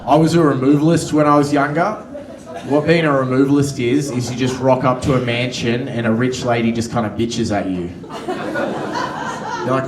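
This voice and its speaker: Dry stand-up comic. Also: male voice, medium pitch, normal speed. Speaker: stand-up comedian. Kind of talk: stand-up comedy. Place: comedy club stage. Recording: echoey club, distant mic, noise.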